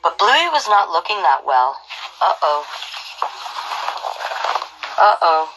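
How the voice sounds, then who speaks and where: A woman's voice: lowish voice, big pitch swings, slow pace, background noise. A woman hosting a storytime, reading a picture book aloud and adding chatty, friendly asides. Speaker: storytime host.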